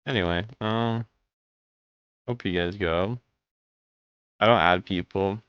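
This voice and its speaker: Tired, low-voiced young man streaming. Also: slow, clean tone, no echo, muffled recording. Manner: relaxed, greets viewers by name, rambling asides. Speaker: live streamer. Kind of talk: casual live-stream chat while gaming.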